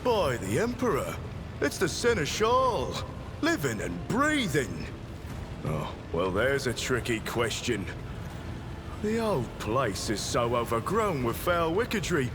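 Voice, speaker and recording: Old game helmsman, slow, lively pitch, put-on British accent, music under. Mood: shaken. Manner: overdone put-on British accent, stressing each word. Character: pale white-haired old ship's helmsman, anxious and pious. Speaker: video game voice actor.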